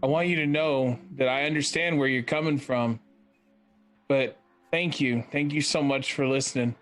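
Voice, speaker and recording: A man's voice: medium pitch, fairly even intonation, normal speed, fairly bright tone, faint music behind, lightly acted. A man doing a persuasive man with a cane. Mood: reassuring. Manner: pleading, reassuring.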